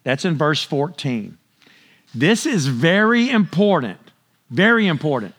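A man preaching a sermon in a conversational way, asking the listeners questions and acting out the people in the story as he goes. He clears his throat often. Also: fairly high pitch, big pitch swings, unhurried, fairly bright tone. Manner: conversational, asks the congregation questions; acts out biblical characters in paraphrase. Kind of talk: sermon teaching.

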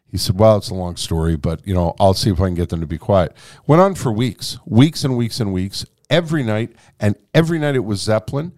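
A man spins a long personal anecdote in a relaxed, conversational way. His pitch swings widely as he slips into the voices of the people in the story, and he swears freely and laughs along the way. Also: a little fast. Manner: animated, acts out dialogue with swearing and laughter. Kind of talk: casual anecdote telling.

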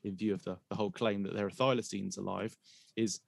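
A man's voice: lowish voice, fairly even intonation, fast talker, vocal fry, no room sound. A man hosting a podcast in a casual, rambling way, trailing into hesitations and breaking into laughter. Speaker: podcast host.

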